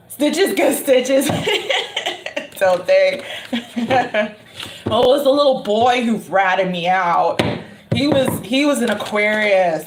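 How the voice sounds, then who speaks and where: A woman giving a casual tarot reading, chatting and laughing often between remarks. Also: medium pitch. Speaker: tarot reader. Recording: noticeable background noise.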